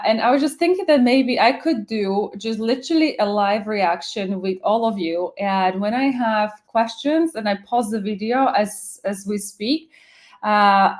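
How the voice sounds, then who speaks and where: A woman's voice: a little high, darkish tone. Chatty Slovak woman hosting a live stream. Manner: rambling and chatty, greets viewers by name, many fillers. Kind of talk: casual live-stream chat.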